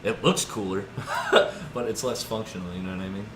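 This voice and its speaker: In an echoey, noisy room, a young podcast co-host in his twenties spins rambling, animated stories full of "like" and "dude" during a casual chat. He speaks at a moderate pace, and his voice sits on the low side.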